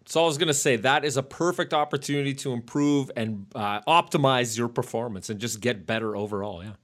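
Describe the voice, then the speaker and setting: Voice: medium pitch, fairly quick. A podcast host asking questions in a friendly, upbeat way. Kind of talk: casual interview talk.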